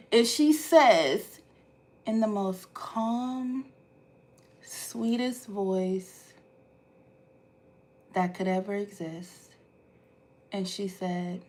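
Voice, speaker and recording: Her voice on the high side, a woman vlogger from Ohio recounts stories to her live chat in a casual way, moving from quiet, hushed asides to loud outbursts.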